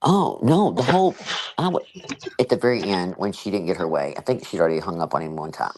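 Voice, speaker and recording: Lively, expressive woman telling a story. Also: very deep voice, brisk, slight background noise, low-quality recording. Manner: animated storytelling, acts out quoted exchanges; frequent "you know" fillers. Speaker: channel host. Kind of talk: casual livestream chat.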